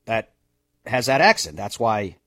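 A man's voice: on the low side, sing-song, a little slow, a bit bright, no room sound, studio quality. A man hosting a golf radio show, chatty and jokey as he rattles off the week's broadcast schedule. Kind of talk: casual radio recap.

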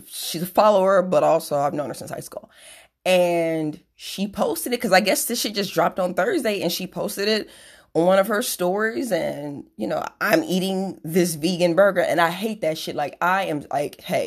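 A woman's voice: fairly low pitch, normal speed. A young adult woman hosting a podcast, ranting in a blunt, sarcastic, profane way with self-deprecating asides. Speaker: podcast host. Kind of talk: profane solo rant.

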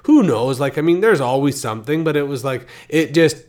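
A man's voice: fairly high pitch, animated, fairly quick, a little mellow. A man hosting a podcast, rambling through stories and acting out what people said. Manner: rambling storyteller, quotes people in voices. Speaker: podcast host. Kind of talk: casual podcast chat.

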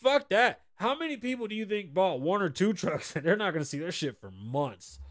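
Loud high-voiced American podcast host. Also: male voice, fairly quick. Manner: profane, loud and excitable, riffing on headlines. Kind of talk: casual news commentary. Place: podcast studio.

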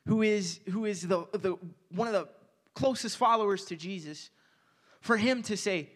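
A young man giving a casual, energetic sermon as a youth pastor, joking aside and repeating phrases. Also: high-pitched, moderate pace.

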